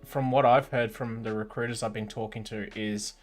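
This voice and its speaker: A man hosting a casual live stream chat, relaxed and loose, with many fillers. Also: lowish voice, moderate pace, faint music behind. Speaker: host. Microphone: online voice chat mic.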